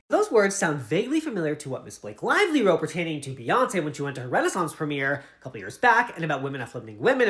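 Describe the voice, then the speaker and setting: Fast-talking low-voiced woman commentator. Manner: opinionated and emphatic. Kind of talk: celebrity gossip commentary.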